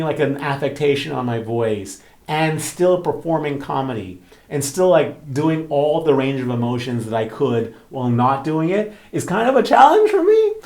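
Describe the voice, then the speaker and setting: A man's voice: a little high, unhurried. A man, a romance author and channel host, telling a story in casual chat with lots of fillers and acted-out quotes. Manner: animated storytelling, frequent fillers, acts out quoted voices. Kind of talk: casual talking-head chat.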